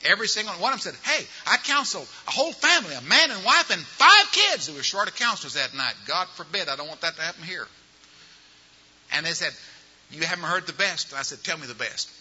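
Older male preacher, high bright voice, folksy storyteller; muffled recording in a big reverberant hall. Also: big pitch swings, fast, slightly rough. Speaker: evangelism trainer. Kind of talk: sermon-style training talk with stories. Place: large church or auditorium.

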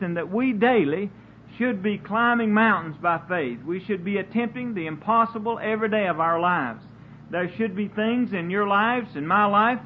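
A man preaching a sermon in an earnest way, often stumbling and repeating words as he searches for them. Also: high voice. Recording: dull lo-fi recording with faint hiss.

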